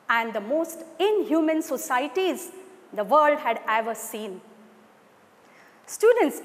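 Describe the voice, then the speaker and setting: Woman, Indian English accent, teacher, animated, reverberant room. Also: high voice. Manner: animated, explanatory, addresses students directly. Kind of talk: recorded online lesson.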